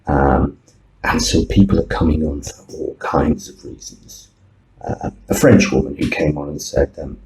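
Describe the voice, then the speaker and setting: A man's voice: extremely low pitch, fairly even intonation, unhurried, gravelly, darkish tone, rough recording. A man, an online English teacher, telling wry, rambling anecdotes about his students in a casual vlog. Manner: wry, rambling storyteller with many ums.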